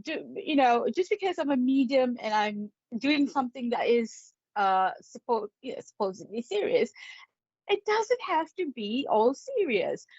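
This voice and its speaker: A woman's voice: a little high, big pitch swings, unhurried, a little mellow, breathy edge, dry recording, dull audio. A woman hosting as a psychic medium, greeting viewers by name in a chatty, playful way. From England. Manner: chatty and playful, laughs often. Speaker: psychic medium and spirit artist. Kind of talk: live-stream chat greeting viewers.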